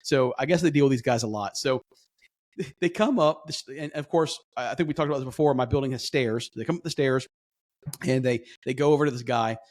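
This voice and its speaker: A middle-aged man telling a long story on a podcast, animated and full of restarts. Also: mid-range voice, fairly quick. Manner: animated, acts out quoted voices, rambling restarts. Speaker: podcast co-host. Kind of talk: casual storytelling chat.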